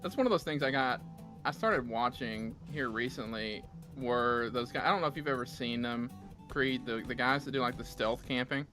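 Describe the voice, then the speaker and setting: A man's voice: mid-range voice, normal speed, music in the background. A man with a Southern US accent hosting a casual gaming stream, chatting and telling rambling stories. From Southern United States. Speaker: streamer host reading chat.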